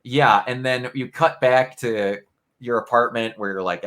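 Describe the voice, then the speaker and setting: Young male reviewer, bright forceful tone, animated storyteller in casual chat. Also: lowish voice, moderate pace. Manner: animated storytelling, acts out scenes with quotes. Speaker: game reviewer.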